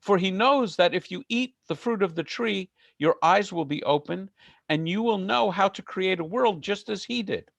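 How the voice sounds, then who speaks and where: A man's voice: sits high, normal speed, gravelly, fairly bright tone, no echo, voice pushed up, exaggerated voice. A man voicing a scheming male serpent in a storytelling lecture, speaking in a sly and persuasive way. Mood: coaxing.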